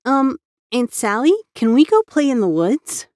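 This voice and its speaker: A woman's voice: sits high, expressive, unhurried, a little mellow, no room sound, studio quality, voice pushed up. A woman voicing a scheming, teasing young girl in a slightly raised voice while reading a spooky story. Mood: sweet. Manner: mischievous, sly.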